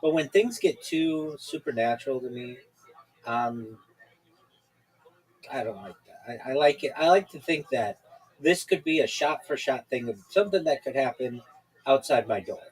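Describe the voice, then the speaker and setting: A man hosts a podcast via video call, his casual chatter rambling along with many fillers and false starts. He has a medium pitch, lively intonation, and a moderate pace, captured on a rough recording.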